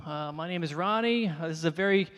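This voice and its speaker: Male stand-up comedian, high voice, animated storytelling, live venue with long reverb. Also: fast. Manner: animated storytelling with self-deprecating jokes.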